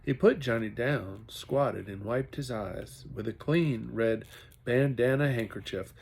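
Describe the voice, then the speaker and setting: A man's voice: mid-range voice, unhurried, gravelly, a little mellow, breathy edge. A man reading a children's novel aloud as a hobby, with occasional self-corrections. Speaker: reader.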